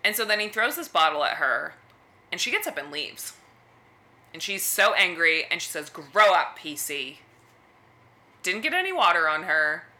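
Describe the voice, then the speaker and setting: A woman co-hosting a podcast, recapping a TV episode in chatty, lively storytelling. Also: lowish voice, moderate pace. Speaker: podcast co-host. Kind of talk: casual recap chat.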